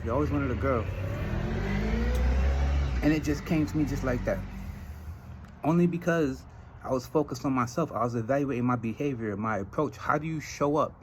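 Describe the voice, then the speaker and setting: A Trinidadian man hosting a podcast in a casual monologue, telling animated stories and laughing often. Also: medium pitch, a little hiss or hum, rough recording. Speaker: podcast host.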